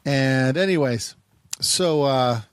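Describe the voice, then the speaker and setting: A man's voice: medium pitch, slow pace, smooth, no echo. Rambling man reviewing apps, dry sound. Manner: rambling, with many repeated words and restarts. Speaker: private investigator. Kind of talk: casual talking-head app review.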